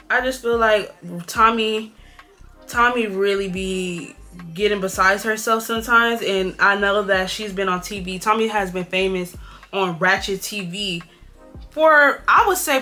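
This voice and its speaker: A young woman from California chatting bluntly and with plenty of swearing while doing a makeup tutorial. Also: mid-range voice. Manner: blunt, profane, animated gossip. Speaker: beauty vlogger.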